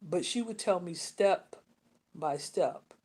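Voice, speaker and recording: A woman, telling a personal story in a rambling, repetitive way with many restarts and pauses. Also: fairly low pitch, a little mellow, breathy edge. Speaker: vlogger.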